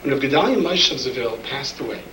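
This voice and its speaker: A man's voice: mid-range voice, fast talker, far from the mic, a little hiss or hum. A man preaching a sermon and telling stories, acting out the voices of the people in them. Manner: animated storyteller, acts out voices in quotes. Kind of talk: sermon storytelling. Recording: echoey room, speaker away from the mic.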